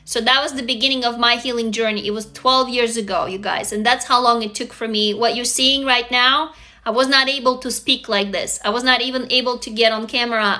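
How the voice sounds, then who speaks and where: A woman's voice: fairly high pitch, bright, forceful tone. A woman in her forties hosting a casual live stream, talking frankly and emphatically, swearing freely and reading viewer comments aloud. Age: 40s. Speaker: live stream host leading a writing group.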